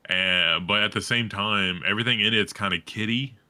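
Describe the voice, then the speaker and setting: A man co-hosting a movie podcast, talking in a relaxed, hedging way full of fillers. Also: lowish voice, moderate pace. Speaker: podcast co-host. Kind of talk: casual movie review chat.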